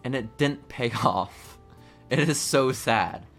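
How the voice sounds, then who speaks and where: This is a man on a casual wrestling podcast, bright and punchy in tone. He teases his co-host and breaks into mocking impressions. Faint music sits behind him. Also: mid-range voice, slow, creaky. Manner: joking, teasing, mocks promos in put-on voices.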